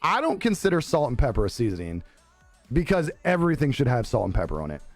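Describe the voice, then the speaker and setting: A man's voice: medium pitch, wildly swooping pitch, fast, no room sound. A young man live streaming, chatting casually with his viewers, laughing often and swearing easily. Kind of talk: casual chat reading viewer comments. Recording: dry close sound with faint music behind.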